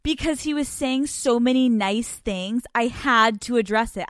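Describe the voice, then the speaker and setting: Brash, higher-voiced woman podcast host. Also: unhurried, hardly any pauses, dry recording, studio quality. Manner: frank and profane, laughs often. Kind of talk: candid storytelling monologue.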